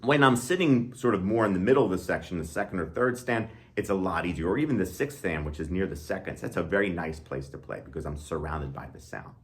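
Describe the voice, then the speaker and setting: A man's voice: low voice, animated, quick pace, few pauses. A middle-aged man, an orchestra violinist, explaining section playing in a friendly, casual way, often checking in with "okay?". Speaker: orchestra violinist giving tips. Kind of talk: casual instructional talk to camera.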